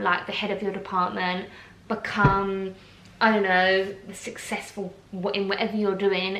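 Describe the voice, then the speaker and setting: Young Essex-accented woman, heated vlog rant with broken restarts, mid pitch, roomy echo. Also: a bit bright. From England, Essex. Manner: heated, talks in bursts with restarts. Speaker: vlogger. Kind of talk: casual rant to camera.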